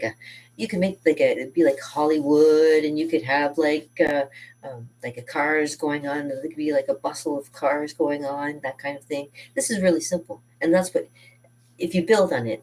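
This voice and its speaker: A woman with a low, darkish voice, recorded on a distant mic, shows off kids' painting projects as an art teacher. Her chat is casual and enthusiastic, full of fillers and self-corrections.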